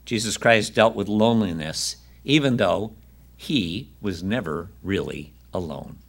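A man's voice: low voice, lively intonation, unhurried, vocal fry, breathy edge. A man preaching a sermon, reading Bible passages and adding conversational asides to his listeners.

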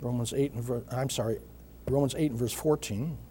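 A man preaching a sermon in an earnest way, repeating key words and often clearing his throat. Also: mid-range voice, fairly even intonation, fairly quick, dark tone, slight background noise.

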